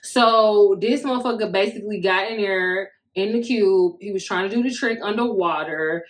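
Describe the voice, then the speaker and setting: A woman in her thirties with a mid-range voice, talking through a loose solo podcast monologue. She is blunt and swears freely. She laughs often as she tells stories. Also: medium pitch. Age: 30s. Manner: profane, candid, laughing storyteller. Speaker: podcast host.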